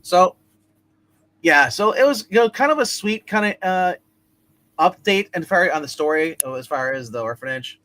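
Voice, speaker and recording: A man's voice: high voice, lively intonation, moderate pace, a bit bright, low-quality recording. A man hosting a live comic review, recapping an issue in a rambling, casual way with many fillers and restarts. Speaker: comic review show host.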